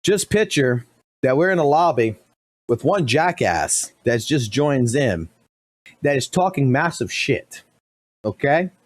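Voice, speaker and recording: A man streaming live commentary, blunt and profane, talking fast and animated. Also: mid-range voice, no room sound.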